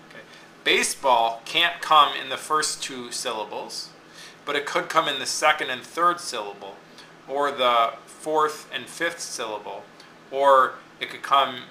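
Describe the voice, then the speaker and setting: Bright-voiced man teaching in an echoey room. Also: medium pitch, a little hiss or hum. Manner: patient, explains step by step, checks in with "okay?". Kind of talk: classroom lecture on poetic meter.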